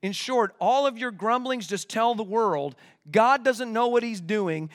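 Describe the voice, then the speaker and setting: A man's voice: sits high, unhurried. A man preaching an expository sermon as a pastor, emphatic and full of rhetorical questions.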